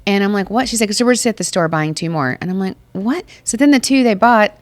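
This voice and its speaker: A woman's voice: mid-range voice, fast talker, no echo. A woman co-hosting a podcast, telling stories in a chatty way and acting out quotes. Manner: chatty storyteller, animated quotes. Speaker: podcast co-host. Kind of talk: casual chat. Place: photo studio in a mall.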